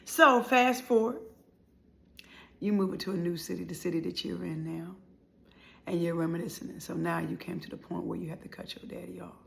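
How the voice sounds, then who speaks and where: Brief: middle-aged woman, gravelly yet bright voice, emotional confessional storytelling, acts out the dialogue. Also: lowish voice, fairly even intonation, fairly quick. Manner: dramatic, acts out dialogue, drops to near whispers. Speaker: motivational life speaker.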